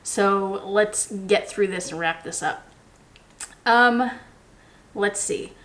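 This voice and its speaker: A woman talking casually to the camera as a vlogger, relaxed and chatty, explaining things patiently with everyday examples and frequent ums. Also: mid-range voice, slow pace.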